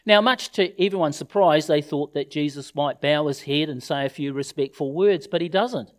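Male preacher, slightly high voice, expressive storyteller, funeral sermon. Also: normal speed. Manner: expressive storytelling, quoting scripture.

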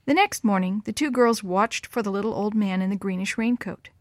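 Gentle woman reading a children's story. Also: mid-range voice, a little fast, no room sound, studio quality.

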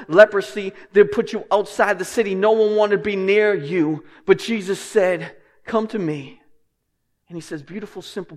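Male pastor with a high voice, preaching in a big echoing hall; drops to hushed tones, then builds to forceful emphasis. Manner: swings between hushed, low scripture reading and loud, emphatic preaching. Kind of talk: sermon.

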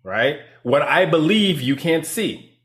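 A man's voice: on the high side, very animated, slow, fairly bright tone. A man who is a leadership consultant, speaking as an interview guest with emphatic points and frequent "right?" tags. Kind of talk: interview answers.

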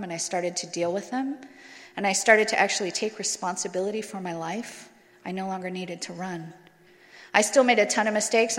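A woman giving a candid personal talk to an audience, telling her story bluntly and casually, with some swearing. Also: fairly low pitch. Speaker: speaker sharing a recovery story. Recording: long hall reverb.

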